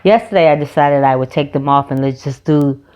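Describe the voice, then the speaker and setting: A woman's voice: sits low, a little fast, a little mellow. A woman chatting casually in a nail vlog, rambling through a story with restarts and self-corrections. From North Carolina, USA. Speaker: nail vlogger. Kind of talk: casual chat. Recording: background guitar music.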